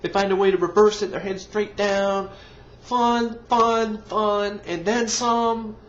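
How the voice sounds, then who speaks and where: A man's voice: high voice, steady tone, slow. A man reviewing a movie in an exasperated, profane rant full of sarcasm. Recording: dull lo-fi recording.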